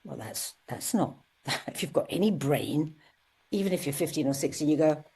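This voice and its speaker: A woman's voice: deep voice, moderate pace, breathy edge. A woman in her seventies, a guest singer telling stories in a candid podcast interview and acting out the people she quotes. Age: 70s. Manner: lively storyteller, acts out quoted voices.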